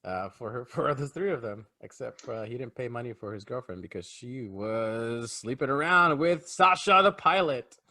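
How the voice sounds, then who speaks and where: A man's voice: mid-range voice, animated, normal speed, hardly any pauses, pushed and bright. A man co-hosting a casual film review podcast, ranting emphatically about a movie. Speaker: podcast co-host.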